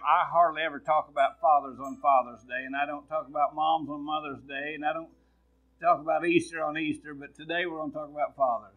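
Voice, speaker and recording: A man's voice: fairly high pitch, highs cut off. A man with a Midwestern American accent preaching a sermon, speaking in a folksy, plain-spoken way and talking directly to his congregation. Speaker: pastor.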